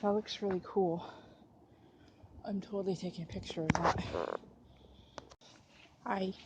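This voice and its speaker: A young woman talks to her handheld camera as she hikes through a forest at dusk, chatty and giggly. She is slightly out of breath from walking, her voice sitting in a middling pitch. Faint outdoor air hums softly behind her. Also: fairly even intonation, a little slow, noisy background. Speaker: vlogger. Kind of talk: casual vlog narration while walking. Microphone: handheld camera while walking.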